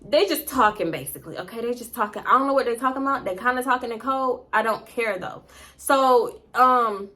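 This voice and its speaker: A young woman telling a story casually, animated, profane and laughing between asides. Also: on the high side, fairly quick. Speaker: storytime vlogger.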